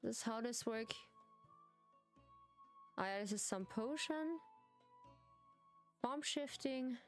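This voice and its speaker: A woman with a German accent talks slowly and casually to her stream chat while she plays. Her non-native English is halting and giggly, full of restarts. Faint game music sits behind her. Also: on the high side, animated.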